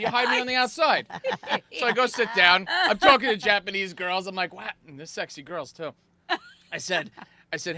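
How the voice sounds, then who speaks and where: Guy, high lively voice, really bright, swears a lot telling a story. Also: brisk. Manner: animated, profane, acts out other people's lines. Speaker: guest. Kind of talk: casual storytelling.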